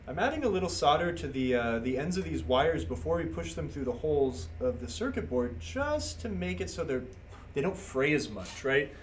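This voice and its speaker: A livestream host repairing a pinball circuit board at his workbench explains each step casually while working and reading chat from viewers. He speaks at a normal speed in a higher, sing-song voice, and there's a little hiss or hum.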